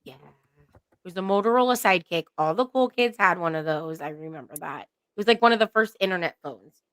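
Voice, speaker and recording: A woman's voice: lowish voice, brisk, fairly bright tone, no echo. A woman hosting a casual chat, upbeat and laughing often.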